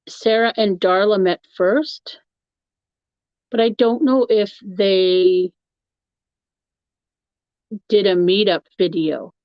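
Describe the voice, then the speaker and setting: A woman hosts a live stream, rambling casually, answering the live chat and laughing often. Her mid-range voice is smooth, and the sound is dull, lo-fi and dry with no echo.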